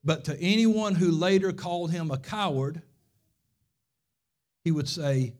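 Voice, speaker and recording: A man preaching from the pulpit in a notably high voice. He tells stories in an emphatic, repeating way, hammering each point home like a seasoned pastor. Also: unhurried, darkish tone. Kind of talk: sermon.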